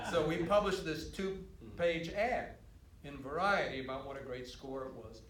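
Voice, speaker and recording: An older man, a writer-director on a film panel, recounting production stories in a measured, dry way at a screening Q&A. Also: on the high side, a bit bright, slight background noise. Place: cinema auditorium. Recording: roomy, distant from the mic.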